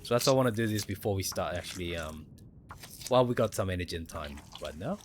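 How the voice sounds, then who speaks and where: A man's voice: low-pitched, animated, quick pace, a little hiss or hum. A man streaming a survival game, casually thinking aloud and explaining mechanics to viewers. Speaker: gaming livestreamer. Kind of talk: casual gameplay commentary.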